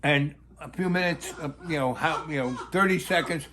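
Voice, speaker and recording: Man, fairly high pitch, rambling anecdote, halting delivery, lots of restarts. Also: sharp tone, slight background noise. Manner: halting, full of fillers and restarts, acts out quoted voices. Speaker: storyteller.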